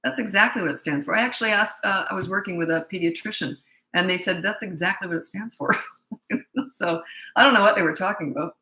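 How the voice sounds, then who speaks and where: In this low-quality, roomy recording, a middle-aged parenting coach answers viewers' questions during a laid-back live Q&A. She talks fast in a lowish, sharp voice, and her advice comes out blunt, forceful and repetitive.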